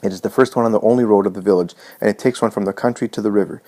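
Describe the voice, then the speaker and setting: Brief: man voicing a worried mistress of the house, quiet and urgent, low-pitched. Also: steady tone, racing, lightly acted. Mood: urgent hushed. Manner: hushed, urgent instructions. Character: Martha, anxious determined mistress of house.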